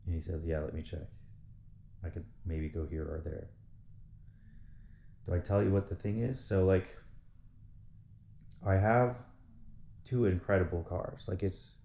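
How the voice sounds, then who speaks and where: A man's voice: sits low, gravelly, warm tone, echoey room, slight background noise. A man talking in a casual monologue, rambling and swearing as he rants in frustration. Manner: rambling, profane, frustrated ranting. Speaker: vlogger.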